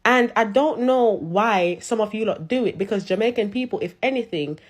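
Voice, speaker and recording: A woman rants straight to camera. Her complaints are blunt and defiant. Her pitch sits mid-range and she talks casually. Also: normal speed. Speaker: social media creator. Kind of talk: ranting to camera.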